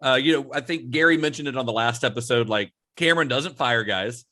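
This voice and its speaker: A man's voice: mid-range voice, brisk, pushed and bright, no echo, clean studio sound. A man hosting a podcast, telling a film story in a casual, rambling way with many fillers and laughs. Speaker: podcast host.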